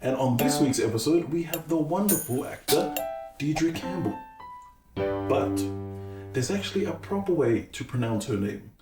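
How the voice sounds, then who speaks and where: A man's voice: fairly high pitch, lively intonation, normal speed. A man hosting a casual interview podcast, upbeat and laughing easily. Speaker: podcast host. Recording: echoey room with music behind.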